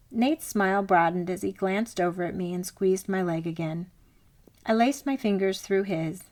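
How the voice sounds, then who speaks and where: A woman author reading her own memoir aloud, in a measured, reflective style of scripted narration. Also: mid-range voice, darkish tone.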